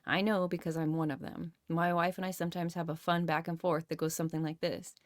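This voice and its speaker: A woman's voice: fairly low pitch, little pitch movement, fairly quick, dry recording, studio quality. A woman reading a self-help book aloud and stopping often to comment and swear casually. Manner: reads, rereads and comments with swearing.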